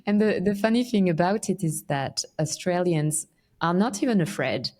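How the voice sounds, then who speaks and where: A woman hosting a podcast, asking questions in a warm, conversational way. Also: fairly low pitch, animated, moderate pace. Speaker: podcast host. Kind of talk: podcast interview.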